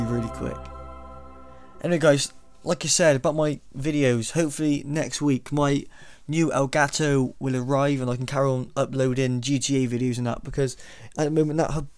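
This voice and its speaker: A young man commentating a game he is playing, excitable and mocking, laughing often at what he sees. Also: mid-range voice, dry recording. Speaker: gaming YouTuber. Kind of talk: let's play commentary. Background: game music.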